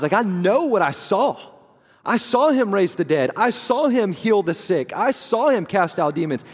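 A man's voice: high voice, slightly rough, in a large hall, voice pushed up, heavily acted. A man voicing a bewildered grieving disciple. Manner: pleading, disbelieving.

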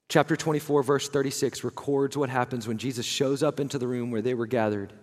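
A man preaching a sermon as dramatic storytelling, moving from hushed, somber lines to fervent, rising passages. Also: medium pitch, fairly even intonation, fairly quick, few pauses, big-room sound. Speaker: pastor.

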